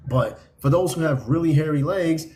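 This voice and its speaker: A man's voice: fairly high pitch, expressive, moderate pace, mellow. A man hosting a podcast, reading a list aloud and mocking it in blunt, profane casual talk. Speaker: podcast host.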